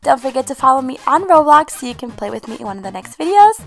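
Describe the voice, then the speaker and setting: A woman hosting a game roleplay video, commentating in an animated, exclaiming way and talking motherly to her in-game baby. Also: sits high, fast. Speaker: channel host.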